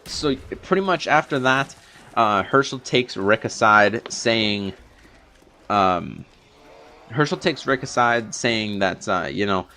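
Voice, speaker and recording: A man's voice: fairly low pitch, pushed and bright, a little hiss or hum. A young man recapping a TV episode in a long, rambling unscripted review, full of fillers and restarts. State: a little out of breath from long talking.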